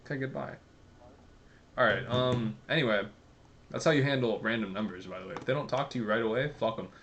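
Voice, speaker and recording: A man talks straight to his viewers in a loose, rambling rant. He is sarcastic and profane, and his voice sits at an ordinary middle pitch. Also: a little fast, fairly bright tone, slight background noise. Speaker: commentary vlogger. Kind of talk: casual ranting commentary.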